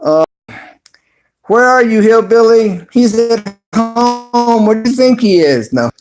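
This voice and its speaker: Slow, high-voiced man reading his chat. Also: expressive, over music. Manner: reads chat aloud haltingly with many fillers and chuckles. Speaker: livestream host. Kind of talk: casual livestream chat reading viewer comments.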